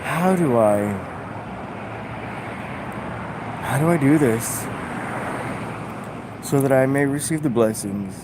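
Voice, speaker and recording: A man vlogging a halting, musing spiritual monologue, full of fillers. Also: medium pitch, lively intonation. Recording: outdoor traffic noise.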